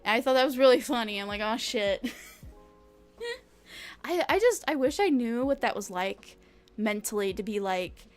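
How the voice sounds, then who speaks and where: A woman's voice: on the high side, animated, moderate pace, long pauses, faint music behind. A young woman streamer chatting casually with her viewers, rambling, laughing often and swearing freely.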